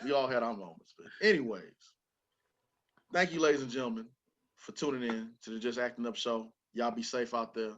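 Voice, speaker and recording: A man hosting a podcast, telling a childhood story in a casual, animated way with plenty of swearing. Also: mid-range voice, a little fast, dull audio. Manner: animated, swearing, repeats words when excited. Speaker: podcast host.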